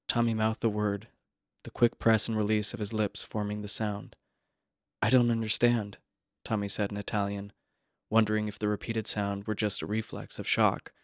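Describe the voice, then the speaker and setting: Low, dry-voiced male story reader. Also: no room sound. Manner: measured, quiet, even storytelling. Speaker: narrator. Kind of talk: scripted literary narration.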